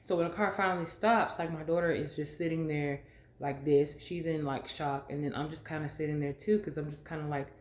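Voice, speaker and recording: A woman vlogger telling a dramatic story in a casual, animated way, full of fillers. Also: deep voice, fairly quick, roomy sound.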